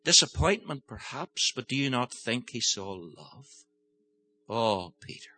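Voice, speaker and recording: An older man preaching a sermon, impassioned, moving from gentle storytelling to forceful pleading. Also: medium pitch, big pitch swings, moderate pace, slight background noise.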